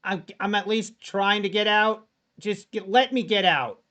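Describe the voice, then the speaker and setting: A man with a high voice streams his live trades and talks in a slow, drawn-out way. He frets to his chat, begs the market under his breath and then bursts into loud yells. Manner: anxious, pleading with the market, swings from muttering to yelling. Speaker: livestreaming futures trader. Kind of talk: live trading stream commentary.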